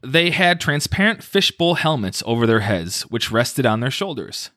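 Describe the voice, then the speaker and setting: Lively man reading aloud with jokey asides. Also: mid-range voice, normal speed, no room sound, clean studio sound. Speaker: podcast host reading a story. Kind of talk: casual podcast chat.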